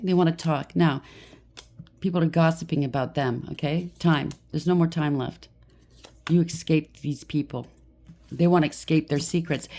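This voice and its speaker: With a low, darkish voice, a woman gives a heated, blunt tarot reading. She keeps turning to the listener with "okay?"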